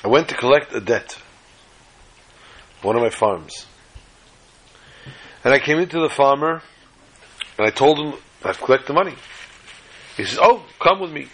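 A man telling a religious tale in a sermon, animated and dramatic, with a husky voice. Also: medium pitch, moderate pace, long pauses, rough recording. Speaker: religious storyteller. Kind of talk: storytelling sermon.

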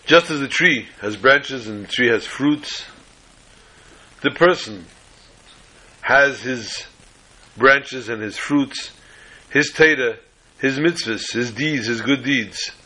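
Bright-voiced man telling a story. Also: mid-range voice, slow, long pauses, poor audio. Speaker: rabbi teaching a class. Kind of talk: storytelling lesson with corny jokes. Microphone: video call.

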